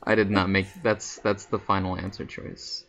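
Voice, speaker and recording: A man's voice: low voice, little pitch movement, normal speed, fairly bright tone, highs cut off. A man casually chatting and joking as a podcast co-host.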